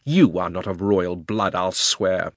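A man's voice: low voice, no room sound, clean studio sound. A man doing a scornful, commanding witch queen. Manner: commanding, scornful, slow and deliberate. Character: cold, imperious queen and witch, woman.

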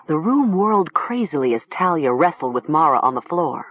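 An audiobook narrator reading a horror story with slow, expressive storytelling. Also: mid-range voice, breathy edge, lo-fi sound.

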